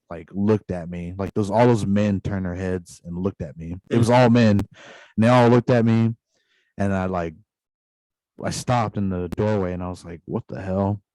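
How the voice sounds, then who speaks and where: A man's voice: fairly low pitch, normal speed, warm tone, no room sound, poor audio. A man casually retelling a long dream on a podcast, rambling loosely with constant asides. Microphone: podcast microphone.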